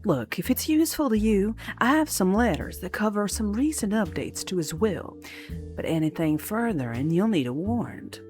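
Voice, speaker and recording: A woman voicing a brisk, worldly female lawyer who sounds dry and guarded. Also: medium pitch, lively intonation, a little mellow, soft background music, voice pushed up, lightly acted.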